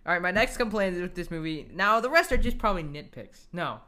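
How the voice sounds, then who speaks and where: Speaking fast in a high-pitched, bright and forceful voice, this man co-hosts a casual podcast and gripes about a movie. He's expressive, laughs a lot, and stumbles over his words as he reviews it.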